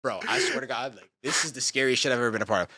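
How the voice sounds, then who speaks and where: A young man telling a story in casual chat, animated and profane, with lots of fillers. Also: mid-range voice, very fast. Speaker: podcast guest telling a story.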